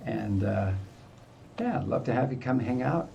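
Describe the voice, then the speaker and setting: A man's voice: mid-range voice, vocal fry, dark tone, highs cut off, a little hiss or hum. An older man hosting a gaming video, giving chatty, self-deprecating commentary as he plays. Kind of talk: casual gameplay commentary.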